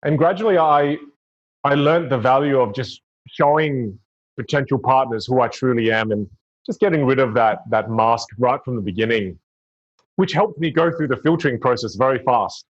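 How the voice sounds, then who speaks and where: A man's voice: mid-range voice, normal speed, no room sound. A man, a podcast guest, talking earnestly and reflectively in a casual conversation. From Australia. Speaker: guest speaker. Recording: slightly muffled lo-fi audio.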